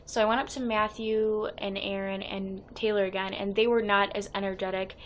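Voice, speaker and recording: A woman's voice: mid-range voice, normal speed, a little hiss or hum. Chatty young woman telling a fan story. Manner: chatty and excitable, quoting others with "like". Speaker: fan vlogger. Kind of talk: casual storytelling vlog.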